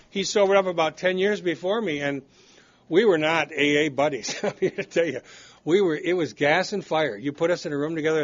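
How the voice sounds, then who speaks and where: An older man speaking at a recovery meeting, telling his own stories bluntly and poking fun at himself. His voice sits a little high for a man. The recording is dull and lo-fi. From United States. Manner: candid storytelling, blunt and self-deprecating. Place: meeting room.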